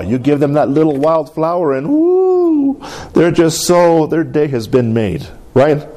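A middle-aged pastor with a fairly high voice delivers a sermon full of rise and fall, calling on the room for an "amen" as he goes. His tone stays mellow and warm, never sharp. Every so often he slips into playful little voices in this lively call-and-response style.

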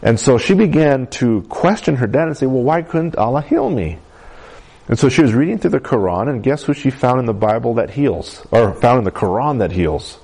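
A man's voice: medium pitch, animated, brisk, creaky, hardly any pauses, darkish tone, breathy edge. A middle-aged man teaching a Bible class, telling a story in a conversational way with asides and fillers.

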